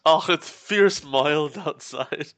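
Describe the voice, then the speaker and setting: A man voicing a stereotyped Irish man in a slow, drawling put-on Irish accent. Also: fairly high pitch, noisy background, pitched above the performer's own voice. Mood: mocking.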